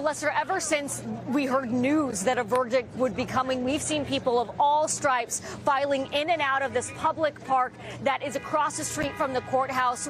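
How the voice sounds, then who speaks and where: High-voiced female field reporter outdoors. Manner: conversational, vivid scene-setting. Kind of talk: live outdoor news report. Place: outdoors near a courthouse park. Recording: outdoor crowd behind.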